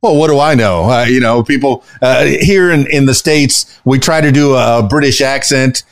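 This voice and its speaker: Man, fifties, podcast host, excitable, jokey, gushing, middle pitch. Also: normal speed. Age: 50s. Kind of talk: casual interview chat.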